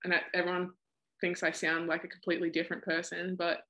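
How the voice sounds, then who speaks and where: A woman's voice: on the low side, monotone, quick pace, sharp tone, poor audio. A young woman with an Australian accent, a college basketball player chatting casually as a podcast guest and laughing often. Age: young adult.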